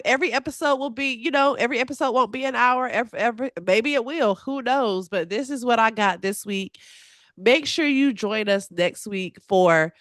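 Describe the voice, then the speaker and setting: A woman hosting a solo podcast in a casual, chatty way, talking straight to her listeners with lively, expressive swings in her voice. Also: moderate pace, dry recording, clean studio sound. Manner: animated and expressive, with big pitch swings; chatty and confiding, addresses listeners directly. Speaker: podcast host.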